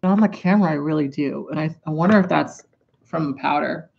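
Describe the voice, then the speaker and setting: A woman's voice: deep voice, quick pace, vocal fry, highs cut off, a little hiss or hum. A woman vlogger telling a story in a loose, profane, rambling way, breaking into asides while she does her makeup at home. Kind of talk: casual storytime vlog.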